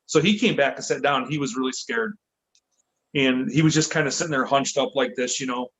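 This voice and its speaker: A man's voice: mid-range voice, a little fast, rough recording. Man from Michigan telling a story. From Michigan, USA. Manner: lively, self-correcting, acts out quotes. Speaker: podcast guest. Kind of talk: casual storytelling.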